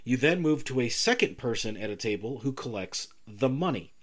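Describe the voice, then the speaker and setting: A podcast co-host with a medium-pitched voice talks at a moderate pace. In casual chat he tells a story with animation, acting out the people in it and their quoted exchanges.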